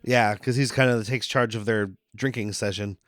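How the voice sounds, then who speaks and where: A man co-hosting a podcast in casual chat, laid-back and joking, often slipping into quick mock-quotes of characters. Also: lowish voice, steady tone, a bit bright, no echo, clean studio sound. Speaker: podcast co-host.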